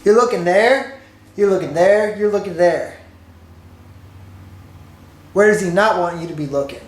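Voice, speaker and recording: A man's voice: high-pitched, unhurried. A man voicing a blustering male president impression who keeps repeating himself. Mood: insistent. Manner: rambling, repeating itself insistently. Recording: roomy echo.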